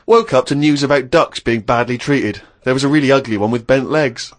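A man reading a diary aloud in casual chat, dry and deadpan, chuckling now and then. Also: mid-range voice, brisk, a little hiss or hum.

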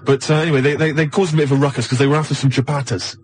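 A man's voice: medium pitch, fairly even intonation, very fast, a little hiss or hum. A man telling a rambling comic anecdote, who repeats himself and keeps asking "right?". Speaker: guest storyteller.

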